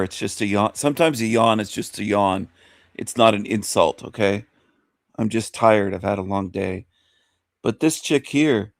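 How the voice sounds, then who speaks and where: Talk host, male, rambling and repetitive, mid-pitched, bone-dry close sound. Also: no room sound. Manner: rambling, repeats phrases, fires rhetorical questions. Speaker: radio show host. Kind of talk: opinionated monologue commentary.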